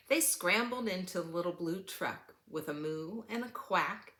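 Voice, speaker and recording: An older woman reading a picture book aloud to children, animated and asking them questions. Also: on the low side, measured pace, few pauses, reverberant. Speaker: children's story reader.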